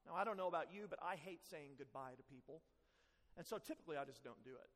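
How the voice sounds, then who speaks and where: A man's voice: on the high side, expressive, fast talker, fairly bright tone, long reverb tail. A man preaching a sermon as pastor, earnest and self-deprecating, with rising emphasis on key points.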